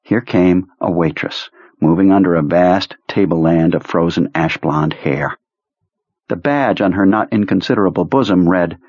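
A man reading a novel aloud in steady, measured audiobook narration. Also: low-pitched, no echo. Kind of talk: scripted narration. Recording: dull lo-fi dry sound.

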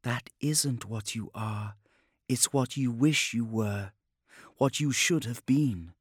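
A hushed, breathy mysterious woman, put on by a male audiobook reader. She speaks slowly and quietly, probing and cool. The sound is dry and close. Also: medium pitch, no echo. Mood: calm probing. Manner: soft, quiet, accusing questions. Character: mysterious cool female visitor, probing and calm. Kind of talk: audiobook character voice.

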